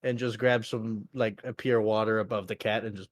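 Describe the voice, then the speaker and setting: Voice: medium pitch, fairly even intonation, normal speed, no room sound. A player in a tabletop game, joking and teasing the others in casual banter. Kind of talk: casual tabletop role-play chat.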